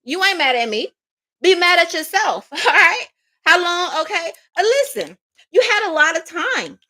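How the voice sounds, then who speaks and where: A sassy woman doing a livestream tarot reading. Her voice sits high and bright, with sharp edges. She talks emphatically, full of mocking asides. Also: lively intonation, moderate pace. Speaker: psychic tarot reader.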